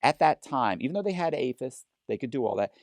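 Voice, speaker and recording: A man's voice: medium pitch, big pitch swings, fast, no echo. A man telling a story as a podcast guest, acting out both sides of each retold conversation with lots of energy. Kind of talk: animated storytelling in a podcast interview.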